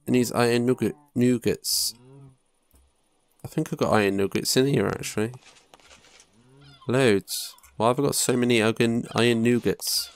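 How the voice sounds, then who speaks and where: A man's voice: on the low side, steady tone, measured pace, clean tone. A young man muttering to himself and swearing casually while commenting on his own gameplay. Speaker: gaming YouTuber. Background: faint game music.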